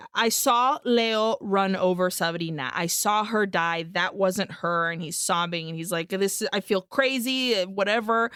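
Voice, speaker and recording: Podcast co-host, woman, smooth, dry close-mic sound, casual bilingual plot recap. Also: mid-range voice, fairly bright tone, no room sound. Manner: recaps the plot, switching between English and Spanish, swears freely. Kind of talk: casual film-recap chat.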